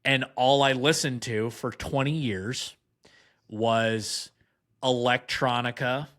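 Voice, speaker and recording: A man's voice: medium pitch, slow pace. A young man, a podcast guest, telling a long anecdote in casual chat and acting out what others said. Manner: animated anecdote, acts out quoted voices.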